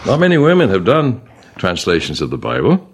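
Animated deep-voiced man teaching Bible study. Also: brisk, husky. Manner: reads verses aloud with punctuation, animated emphasis.

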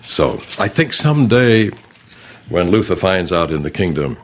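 A man preaching a sermon in a conversational way, quoting scripture and voicing God's words gently, then rising sharply for emphasis. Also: low voice, sing-song, measured pace, a little hiss or hum.

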